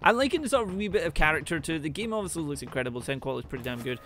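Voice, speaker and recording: Young male gamer, lively, swooping delivery, chatty let's-play commentary that breaks into sudden exclamations. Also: a little high, rapid-fire. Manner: chatty, thinking aloud, exclaiming at mishaps. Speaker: gaming video host. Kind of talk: gameplay commentary.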